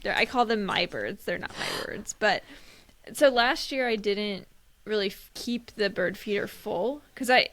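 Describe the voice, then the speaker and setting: A woman's voice: medium pitch, lively intonation, unhurried, fairly bright tone, no echo. A woman co-hosting a podcast in casual chat, bubbly and chatty, laughing often. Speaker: podcast co-host.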